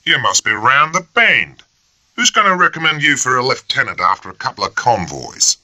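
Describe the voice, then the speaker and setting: A man's voice: sits low, sing-song, normal speed, pushed and bright, dry recording, pitched above the performer's own voice, exaggerated voice. A man voicing a coarse, sarcastic and bullying first lieutenant who talks with peevish scorn. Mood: scornful.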